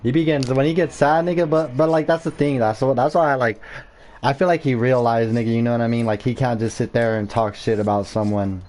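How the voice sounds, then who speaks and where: A man's voice: mid-range voice, brisk. A young man chatting casually and profanely while playing a game. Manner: slangy, profane, relaxed commentary. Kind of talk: casual chat while gaming.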